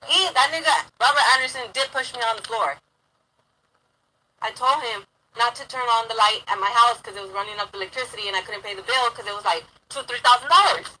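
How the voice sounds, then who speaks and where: A woman's voice: a little high, a little fast, pushed and bright, poor audio. A young woman telling a rambling personal story in casual talk, swearing heavily and getting heated.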